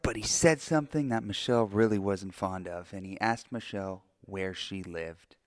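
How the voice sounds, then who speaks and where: A man joining a casual chat, telling his part in a measured, dry way with "uh" pauses. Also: sits low, no room sound.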